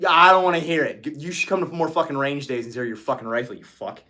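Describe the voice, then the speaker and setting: A man's voice: fairly high pitch, quick pace, pushed and bright. A man hosting a casual livestream chat, ranting with lots of swearing and laughing often. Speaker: livestream host.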